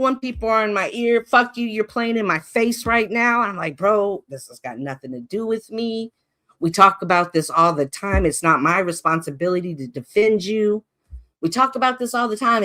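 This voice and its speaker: A woman hosts her live stream and rants to her chat. She swears freely and stays heated, swinging between loud outbursts and low asides. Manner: profane, heated, talks straight to chat. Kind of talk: casual live-stream rant.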